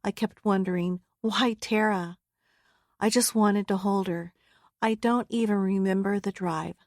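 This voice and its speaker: Woman, audiobook narrator, solemn, earnest, medium pitch, dry close mic. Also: fairly even intonation, moderate pace, a little mellow, no room sound. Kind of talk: first-person memoir narration. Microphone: close studio mic. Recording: dry close studio sound.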